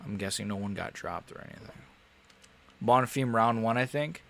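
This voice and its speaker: A man's voice: fairly low pitch, normal speed, gravelly. A young man casually commentating a live fight on a stream, swearing and getting worked up, often grumbling under his breath. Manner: casual, swearing, animated and frustrated. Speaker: MMA streamer.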